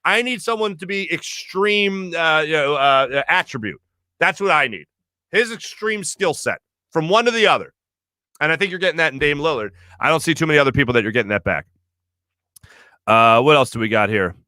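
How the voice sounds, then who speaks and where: Slightly high, animated and a little fast, this sports radio host's pushed, bright voice comes through a dry, clean studio recording. In his thirties, he chats loosely over viewer comments, laughing frequently and rambling through stories.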